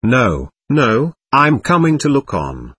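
A man's voice: mid-range voice, wildly swooping pitch, slow, a bit bright, breathy edge, exaggerated voice. A man reading a petulant, bored young man. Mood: indignant.

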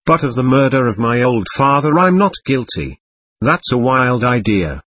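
A man reading an excitable, slightly drunk man under interrogation, who pleads nervously and repeats himself. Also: medium pitch, normal speed. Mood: insistent. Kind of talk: audiobook reading.

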